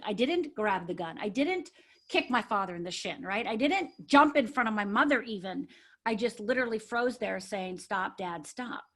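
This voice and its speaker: In a mid-range voice, a life coach from Upper Michigan, USA, tells a personal story as a podcast guest. Her delivery is earnest and emphatic, with frequent "right?" check-ins.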